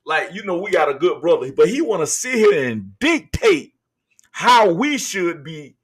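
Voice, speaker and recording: A man's voice: high-pitched, sing-song, a little slow. A man from the United States hosting casual commentary on video clips, chatty and loose, talking to viewers as y'all. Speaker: host.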